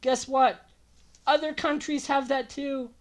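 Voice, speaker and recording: A man's voice: very high-pitched, flat delivery, a little slow. A young man from Alberta delivering a heated, emotional political rant, repeating himself and turning sarcastic. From Alberta, Canada. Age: young adult. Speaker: political vlogger.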